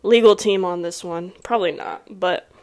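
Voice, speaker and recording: A woman's voice: on the low side, normal speed, a little mellow. A woman co-hosting a podcast in casual chat, with a playful, joking manner. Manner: playful, laughing, casual banter. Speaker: podcast co-host.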